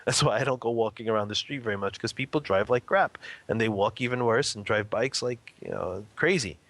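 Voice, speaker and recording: A man in his thirties, a guest in an interview, telling a family story in a casual, lively way, laughing often and acting out quotes. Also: mid-range voice, fairly quick, no room sound.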